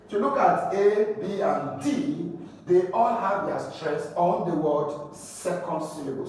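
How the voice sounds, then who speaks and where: A man with a Nigerian English accent teaches at a board in a high voice, sounding out words again and again. The sound is boomy and echoing. He is caught from a distance, with faint room noise underneath. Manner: repeats and drills words aloud. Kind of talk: classroom lesson at a board. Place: classroom. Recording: echoey room, distant mic.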